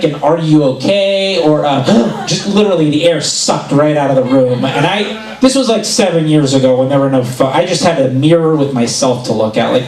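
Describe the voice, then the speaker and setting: A man with a fairly high voice does stand-up, telling his stories briskly and acting out the quotes. The sound is roomy and a little distant from the mic. A crowd laughs in the room around him. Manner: animated storytelling, acts out quotes. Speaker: stand-up comedian. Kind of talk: stand-up comedy set. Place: club stage before a laughing audience. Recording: roomy live club recording, mic at a distance.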